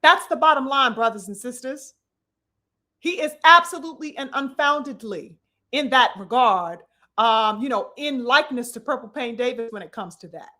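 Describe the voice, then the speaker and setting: A woman's voice: on the high side, animated, moderate pace, pushed and bright. A woman giving emphatic, profane boxing commentary, addressing her audience like a preacher. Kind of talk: opinionated commentary vlog.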